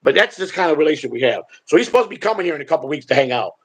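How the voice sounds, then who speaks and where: Gravelly, rambling male streamer. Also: fairly high pitch, very animated, very fast, fairly bright tone. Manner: rambling, profane, blunt. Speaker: streamer and show host. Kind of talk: casual storytelling on a live stream.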